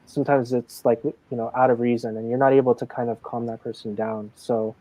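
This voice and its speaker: A man's voice: medium pitch, level tone, brisk, dark tone, dry recording. Chatty man telling casino stories, dry sound. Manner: chatty, full of fillers and acted-out quotes. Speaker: casino dealer and games manager. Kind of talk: casual interview storytelling.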